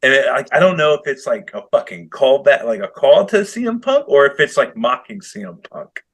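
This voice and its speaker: A man co-hosting a casual podcast chat, telling stories in an animated way, swearing a lot and laughing often. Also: mid-range voice, fairly quick, slightly rough. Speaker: podcast co-host.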